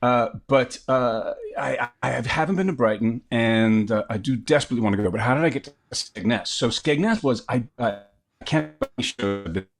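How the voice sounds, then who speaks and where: A man's voice: medium pitch, fairly quick, few pauses. A man, an actor, chats eagerly as an interview guest. His wording turns a little theatrical at times, and he speaks into a professional microphone in a room with a slight reverb, joining over a video call. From New York. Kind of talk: casual interview chat.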